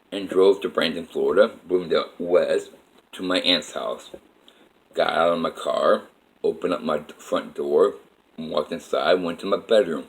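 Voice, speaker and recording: A man's voice: sits low, poor audio. A man telling a personal story in a rambling, emphatic way with many fillers.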